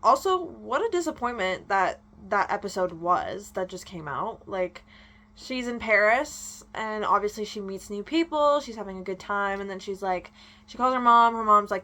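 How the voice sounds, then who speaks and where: A young woman vlogger ranting in casual chat, animated and swearing freely. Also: mid-range voice, normal speed.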